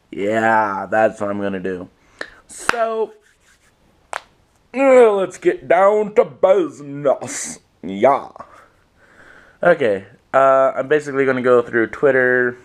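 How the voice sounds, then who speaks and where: A young man vlogging casually on his own at home, rambling and self-mocking, swearing freely. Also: medium pitch. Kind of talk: casual solo vlog.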